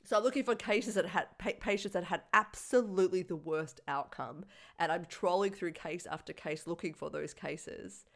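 This is a woman in her thirties, co-hosting a casual podcast. She speaks in a slightly lower register and gets animated as she retells scenes. She breaks into laughs and little acted quotes as she goes. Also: normal speed. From Australia. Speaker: podcast co-host. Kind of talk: casual chat.

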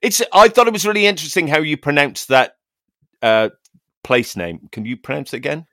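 A man's voice: fairly high pitch, fairly quick, dry recording. A man from Ireland, hosting a comedy interview podcast with a dry, teasing delivery. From Northern Ireland. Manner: deadpan, teasing. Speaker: podcast host.

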